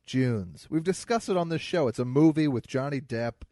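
A man from the American Midwest rambles through a casual film commentary as a co-host. He is wry and joking, and he slips into little anecdotes. His voice sits at a middle pitch and is recorded dry and close with no room sound. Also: animated, moderate pace, warm tone, dry recording. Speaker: podcast co-host. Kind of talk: casual movie commentary chat.

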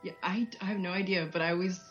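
A woman guest on a podcast, chatting in a relaxed, giggly, slightly hesitant way. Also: on the low side, fast, highs cut off, soft background music. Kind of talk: casual podcast chat.

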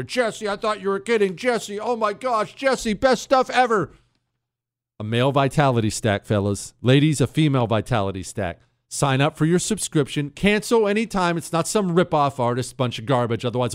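Brash male talk show host, smooth voice. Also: mid-range voice, no echo, studio quality. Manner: brash, animated, sarcastic. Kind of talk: casual political talk with ad read.

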